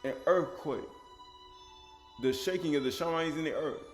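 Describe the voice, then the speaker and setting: A man preaching with rising emphasis and plenty of rhetorical questions, his voice sitting a little high. He is loose and colloquial, and he acts out the people he quotes. An echoey room carries faint music behind him. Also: normal speed. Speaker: teacher. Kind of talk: sermon.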